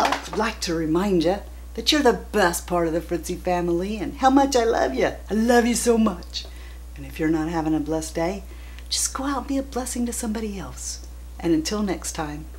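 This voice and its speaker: A woman's voice: on the low side, darkish tone. A woman beauty vlogger chatting casually about skincare products, correcting herself and speaking affectionately to her viewers. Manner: self-correcting, explains details. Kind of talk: casual product review chat.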